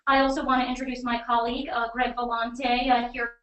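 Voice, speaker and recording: A woman's voice: on the high side, level tone, fairly quick, fairly bright tone. A woman with a New England accent hosting a webcast in a conversational, upbeat way. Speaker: webcast host and editor. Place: office or studio room beside a colleague. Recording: echoey room, mic at a distance.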